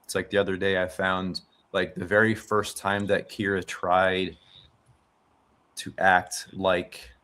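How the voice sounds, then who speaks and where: A man's voice: deep voice, level tone, slow, sharp tone. A man in his thirties hosting a dads' podcast, rambling and reflective in casual chat. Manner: rambling, many fillers and restarts, reflective. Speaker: podcast host.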